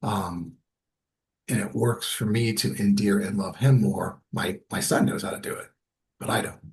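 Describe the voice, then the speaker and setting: A man's voice: fairly low pitch, fairly even intonation, moderate pace, a little mellow. A middle-aged man talking candidly and self-deprecatingly in a casual conversation, acting out what people said. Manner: candid and self-deprecating, acts out quoted voices. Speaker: guest sharing personal stories.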